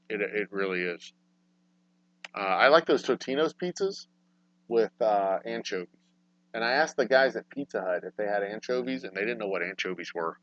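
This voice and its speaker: A man hosting a casual livestream talk show, swearing freely and swinging between low, mumbled asides and loud, exasperated rants. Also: animated, moderate pace, pauses often, no echo. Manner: profane, ranting, swings from mumbling to loud outbursts. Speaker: podcast host. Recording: dry, dull lo-fi sound.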